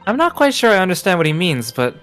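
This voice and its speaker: A stream guest voicing a gentle, formal young female judicial assistant. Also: medium pitch, sing-song, fast talker. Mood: polite. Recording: game music playing faintly behind.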